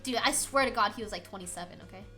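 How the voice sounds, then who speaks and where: A young adult woman streaming, telling a story in a casual, animated chat full of filler words. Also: medium pitch, rapid-fire, faint music behind.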